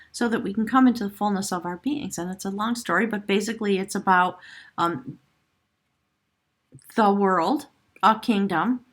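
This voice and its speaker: A woman's voice: medium pitch, a bit bright. A woman giving an earnest, emotional tarot reading, laughing often and at times choked up, her voice cracking. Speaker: tarot reader.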